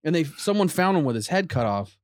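A man's voice: fairly high pitch, very animated, fairly quick. A young man casually telling stories on a podcast, rambling and laughing often. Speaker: podcast host. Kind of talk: casual chat, storytelling.

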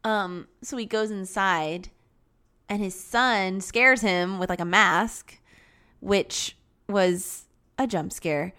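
A young woman chatting casually as she retells a film plot, rambling with lots of "like" and acting out lines in high squeaky voices. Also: slow, sharp tone, clear, resonant tone. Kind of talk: casual chat recapping a film.

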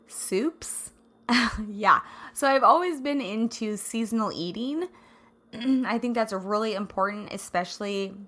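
A woman's voice: medium pitch, pushed and bright. Bubbly woman with a scratchy throat. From American Midwest. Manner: bubbly, effusive, laughs often. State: scratchy, slightly raspy throat. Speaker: podcast host. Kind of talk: casual solo podcast chat.

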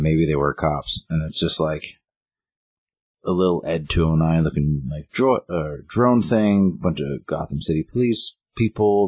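A man with a very low, husky voice tells a story in casual chat. He jumps into quick acted-out lines of dialogue, lifting his voice for each one. The sound is dry and close. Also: dry recording. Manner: animated retelling, acting out lines of dialogue in a raised voice. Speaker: co-host recapping a game story.

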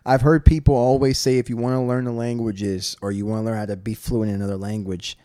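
A young man talking as a podcast guest, animated and storytelling, with lots of "you know". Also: mid-range voice, fast talker, no room sound, studio quality. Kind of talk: casual chat.

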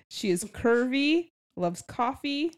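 A woman's voice: sits high, no echo, clean studio sound. A young woman co-hosting a book podcast in casual, bubbly chat, giggling often and saying "like" a lot. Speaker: podcast co-host.

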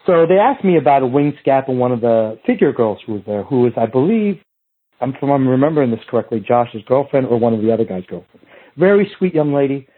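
A man, a movement coach, telling a casual story in an animated, profane way and acting out what other people said. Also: medium pitch, fast talker, breathy edge, narrow, tinny audio.

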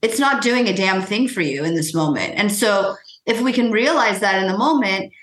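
A woman who is a guest author, answering interview questions in a measured, reflective way. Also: mid-range voice, expressive, fairly bright tone. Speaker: author and weight-loss guest. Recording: echoey room.

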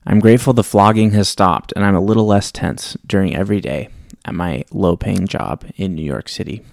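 A low-pitched man with a gravelly, creaky edge hosts a podcast and reads a story from his own life. He tells it in a reflective, wry way, and the sound is dry and close with no room behind him. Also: brisk, a little mellow, no room sound. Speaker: podcast host. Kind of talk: reading a personal story aloud, then casual sign-off.

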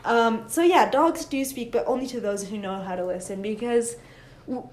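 A woman's voice: on the high side, moderate pace, a crowd in the background. A young woman co-hosting a podcast, chatting casually, giggly and rambling with many restarts. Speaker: podcast co-host. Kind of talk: casual chat.

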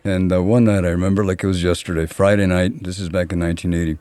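An older man in his seventies talks as a podcast guest in an easy, rambling way. His voice sits very low and sounds mellow and warm. He tells long stories with a dry, self-mocking humor. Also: flat delivery, fast, no echo. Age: 70s. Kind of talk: casual conversation.

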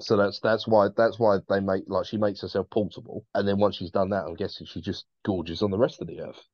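A man's voice: on the low side, level tone, fairly quick, darkish tone, dry recording. A man co-hosting a podcast in casual chat, hesitant, restarting sentences as he thinks aloud. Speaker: podcast co-host. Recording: dull, dry lo-fi mic.

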